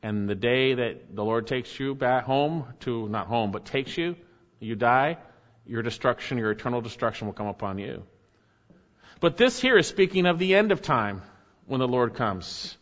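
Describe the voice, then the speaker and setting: Male pastor preaching, earnest, dips low and quiet for emphasis; muffled sound with long hall echo. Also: animated, moderate pace. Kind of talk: sermon.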